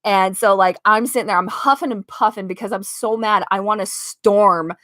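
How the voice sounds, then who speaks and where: A woman's voice: mid-range voice, moderate pace, pushed and bright, dry recording, studio quality. A young woman from the United States telling a story to her live chat from her bedroom. She laughs often and acts out the lines of other people. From United States (Las Vegas). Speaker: live-stream host. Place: home bedroom. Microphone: own microphone at desk.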